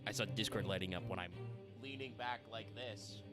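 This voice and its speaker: A man's voice: fairly low pitch, moderate pace, loud music behind the voice. A man streaming a video game, chatting casually in a rambling, joking way with swearing. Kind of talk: casual let's-play chat.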